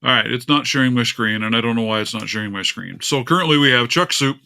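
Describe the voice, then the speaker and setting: On a casual live stream, a male host chats and grumbles about his failing screen share, also talking to his cat. His medium-pitched voice is quick, creaky, and sharp, with a clean tone.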